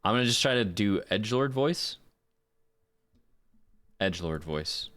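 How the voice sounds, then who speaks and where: A man chatting casually on a live stream, self-deprecating and quick to laugh. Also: medium pitch, fairly bright tone.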